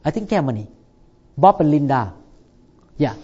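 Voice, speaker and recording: A man's voice: on the high side, big pitch swings, moderate pace, darkish tone, breathy edge, dull audio. A male pastor delivering a sermon in slightly non-native English phrasing, emphatic and punctuating his points with "Amen".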